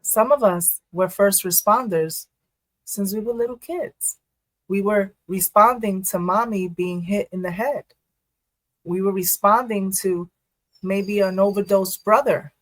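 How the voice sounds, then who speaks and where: A woman talks through her first-responder work in an animated, storytelling way, with quick asides and bursts of laughter. Her pitch sits mid-range, and the recording is close and dry. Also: dry recording. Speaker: first responder and poet guest. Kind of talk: casual podcast interview talk.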